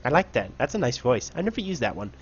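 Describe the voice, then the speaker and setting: A man giving casual let's play commentary on a strategy game, shouting orders and taunting enemies now and then. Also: medium pitch, very animated, fast talker, breathy edge, no room sound, highs cut off. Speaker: gameplay commentator.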